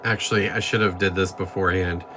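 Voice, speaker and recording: Very bright-voiced man, blunt livestream host. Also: low voice, steady tone, quick pace, slight background noise. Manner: blunt, profane and ranting; reads out and thanks viewers one by one. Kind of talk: casual livestream chat.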